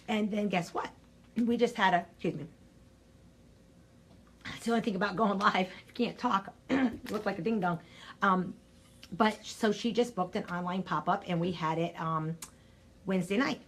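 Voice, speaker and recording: An older woman giving a chatty, energetic live coaching talk straight to her viewers, her throat scratchy and needing clearing. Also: mid-range voice, moderate pace, pauses often. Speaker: sales coach.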